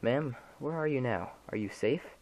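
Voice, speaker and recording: A man's voice: medium pitch, lively intonation, moderate pace, a little mellow, muffled recording, voice pushed up, close to an everyday voice. A man voicing a firm, commanding police officer answering a call in a dramatic reading of a horror story. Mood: urgent firm. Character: stern male police officer on phone duty.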